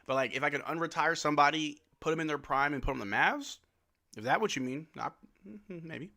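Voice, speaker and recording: A young man from Louisiana hosting a casual livestream, chatting and answering viewers' questions with quick laughs. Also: on the high side, pushed and bright. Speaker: livestream host.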